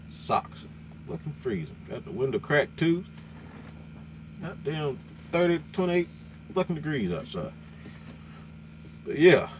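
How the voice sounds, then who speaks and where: A man, a truck driver ranting loudly and cursing in casual talk from inside his truck cab. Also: fairly low pitch, a little hiss or hum. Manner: loud, cursing, repetitive, laughing. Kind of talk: profane casual rant.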